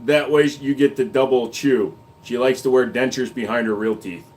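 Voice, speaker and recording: A man's voice: medium pitch, fairly even intonation, moderate pace, darkish tone, a little hiss or hum. A man hosting a livestream, reading chat comments aloud and answering with crude jokes and casual gun talk. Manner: crude joking banter, reads comments aloud.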